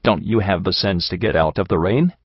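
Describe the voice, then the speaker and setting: Man voicing a soft-scolding male pony friend, low voice, dry close sound. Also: a little fast, breathy edge, no room sound. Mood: fond scolding. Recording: dull lo-fi sound.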